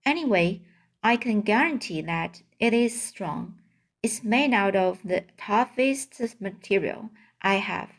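A gentle, fading female barn spider, as a woman reads her. She talks softly and weakly, slowly and at an unhurried, patient pace. Her voice sits in a middle pitch. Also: expressive. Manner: soft, weak and quiet.

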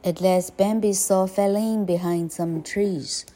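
A woman host narrating a storybook slowly and gently, switching between two languages. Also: medium pitch, steady tone.

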